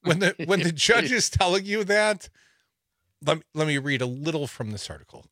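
A man's voice: on the high side, fairly quick, pushed and bright, no echo. A man hosting a talk radio show, reading news stories with sarcastic asides and a wry, laughing delivery into a studio microphone.

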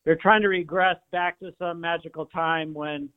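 High-voiced male caller on a phone line. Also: fairly even intonation, moderate pace, clean tone. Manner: earnest, rambling. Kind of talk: call-in comment.

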